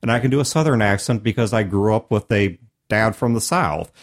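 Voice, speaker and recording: Animated, emphatic male podcast host. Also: lowish voice, a little fast. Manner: animated, emphatic, laughs often. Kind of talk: casual chat.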